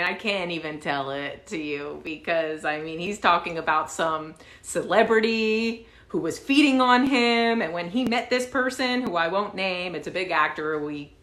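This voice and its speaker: A woman host casually telling a story to her viewers, animated and swearing freely, with lots of fillers. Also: lowish voice. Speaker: channel host. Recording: roomy echo.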